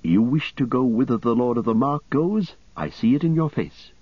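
A quiet, resolute young rider, as a male narrator puts him on, talking softly and low in volume. The voice sits well above the reader's own. It comes through a slightly dull recording. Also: expressive, moderate pace, slightly rough, no room sound. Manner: soft, hushed delivery.

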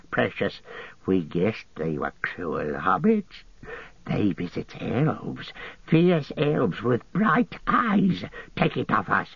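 A slow, raspy, hissing creature whines and pleads in a storybook reading. His pitch leaps and plunges wildly and his words drag out. The sound is dry and dull. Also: dry recording, full character voice. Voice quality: raspy, gravelly hiss. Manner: whining, drawn-out, swooping pitch. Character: wretched hissing creature, male, sly and pitiful.

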